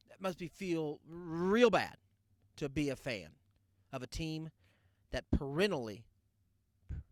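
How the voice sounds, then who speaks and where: Sarcastic man, lively swooping pitch, dry close sound, podcast host rant. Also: no echo. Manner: loud, sarcastic rants with laughs. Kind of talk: casual solo rant.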